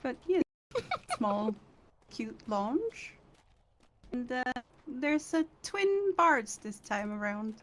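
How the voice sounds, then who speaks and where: A woman's voice: high-pitched, big pitch swings, extremely slow, long pauses, a bit bright, a little hiss or hum. A woman in game role-play, speaking politely and deferentially.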